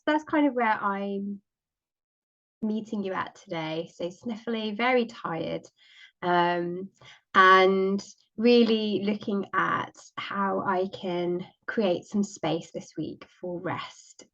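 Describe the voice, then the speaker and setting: A woman hosting a solo podcast, sniffly and croaky from a cold, talking gently and rambling with plenty of ums. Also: mid-range voice, dull audio. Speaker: podcast host. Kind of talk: casual solo podcast talk.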